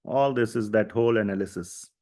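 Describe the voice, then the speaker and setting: A man's voice: fairly low pitch, fairly quick, a little mellow. A man teaching a scripture class, who retells the dialogue of the story in a storytelling manner and uses casual fillers as he goes. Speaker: lecturer.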